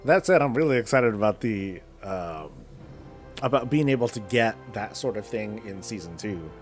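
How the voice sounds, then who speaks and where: Male streamer, lowish voice, loose rambling chat with viewers, faint music bed. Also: lively intonation, moderate pace. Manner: rambling, answers chat between in-game moves. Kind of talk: casual live-stream chat while gaming.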